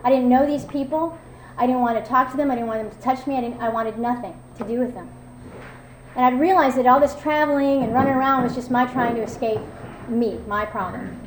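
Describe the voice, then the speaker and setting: A woman's voice: fairly high pitch, a little hiss or hum. Candid woman sharing her story. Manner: candid, self-mocking, conversational with many fillers. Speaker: recovery meeting speaker. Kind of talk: personal testimony talk. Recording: echoey room with faint ambience.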